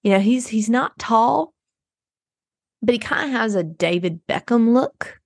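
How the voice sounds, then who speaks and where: An actress playing a self-absorbed rich suburban adoptive mom in an improvised comedy podcast, rambling and oversharing. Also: female voice, a little high, expressive, measured pace, no echo, clean studio sound. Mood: rambling, chatty.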